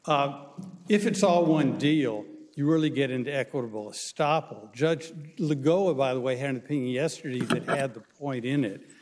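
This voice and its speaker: A man arguing a case as a lawyer before a court, measured and halting with frequent restarts. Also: medium pitch, a little mellow, in a large hall, a little hiss or hum. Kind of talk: courtroom oral argument.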